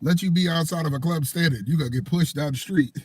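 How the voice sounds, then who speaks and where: A man, telling animated stories in casual chat and acting out the voices of the people in them. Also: fairly high pitch, quick pace, breathy edge. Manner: animated storyteller acting out quoted voices, laughing often. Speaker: co-host.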